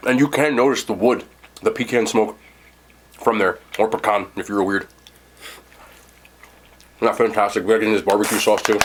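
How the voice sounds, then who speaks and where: A young New Jersey man reviews food on his eating vlog, enthusiastic even as he chews and talks at once. His fairly low, breathy voice holds a steady tone at normal speed, and he pauses often.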